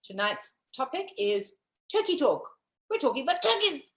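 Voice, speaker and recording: A woman's voice: high voice, very animated, normal speed. A woman from South Africa co-hosting a casual live-streamed talk show, chatty and teasing. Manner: chatty, teasing, addresses viewers.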